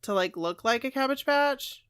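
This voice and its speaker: A woman's voice: high-pitched, animated, moderate pace, a bit bright, smooth. A woman in her thirties co-hosting a podcast, chatting playfully and wandering into tangents. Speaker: podcast co-host. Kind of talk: casual chat.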